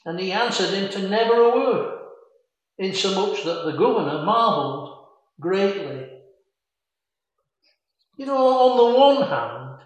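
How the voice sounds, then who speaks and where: A man preaching an expository sermon on a Bible passage, measured and reflective, with frequent fillers and quoted scripture in old-fashioned phrasing. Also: high voice, lively intonation. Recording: very echoey room.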